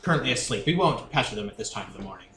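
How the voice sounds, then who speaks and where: A man running a tabletop game as game master, narrating in a relaxed way with fillers. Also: on the low side, racing, reverberant, soft background music.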